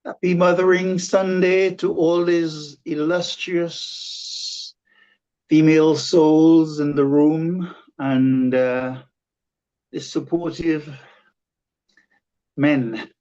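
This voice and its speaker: A man giving a slow, halting address as a guest speaker on a video call. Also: fairly high pitch, flat delivery, a little mellow, dull audio.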